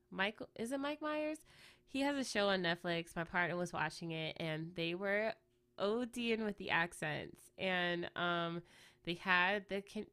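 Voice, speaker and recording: A woman's voice: medium pitch, a bit bright, smooth. A woman hosting a podcast in casual, rambling reflective chat, fighting off a cough and often checking in with "right?". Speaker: podcast host.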